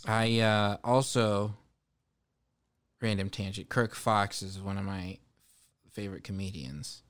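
Man, low-ish voice, casual podcast chat, storytelling, laughs often. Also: fairly even intonation, measured pace, a bit bright. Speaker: podcast co-host.

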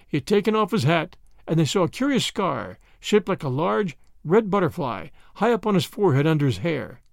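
A man narrating a classic short story as a podcast host, in an expressive storytelling way. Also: on the high side, brisk, gravelly, no echo, clean studio sound.

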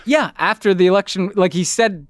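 A man co-hosting a political podcast in casual chat, rambling, saying "like" a lot and trailing off quieter at the ends of his thoughts. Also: high-pitched, brisk, dry recording, clean studio sound. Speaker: podcast co-host.

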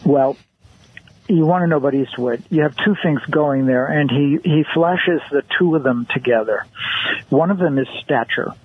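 A man's voice: fairly high pitch, normal speed, slightly rough. A man on a radio show giving enthusiastic, opinionated views on film actors. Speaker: film critic guest. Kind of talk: casual radio interview. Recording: muffled radio broadcast.

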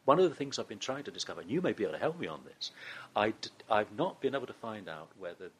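A man's voice: fairly low pitch, big pitch swings, fast, slightly rough. A man with a Southern English accent, a guest in an interview, telling a story with many restarts. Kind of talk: conversational interview.

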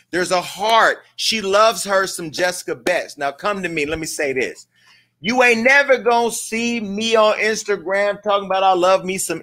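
Sassy bright-voiced man dishing gossip. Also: sits high. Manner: sassy, profane, theatrical. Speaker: host. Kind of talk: comedic celebrity gossip commentary. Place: home studio with lights.

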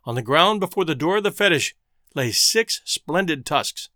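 Expressive male story narrator. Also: fairly high pitch, normal speed, dry recording, studio quality.

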